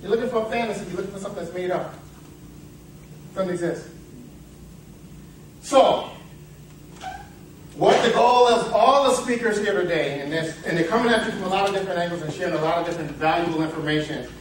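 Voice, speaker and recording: This seminar speaker's voice sits high and moves briskly, broken by long pauses. He rambles through a parable in a motivational talk, cutting himself off with playful asides, recorded from a distance in an echoey hall with a noisy background.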